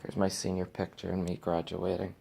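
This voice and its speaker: Young man, home vlogger, fed-up ranting, low-ish voice. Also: monotone, fairly quick, gravelly, warm tone, slightly rough. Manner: exasperated ranting, swearing. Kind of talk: casual ranting vlog. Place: his bedroom at home.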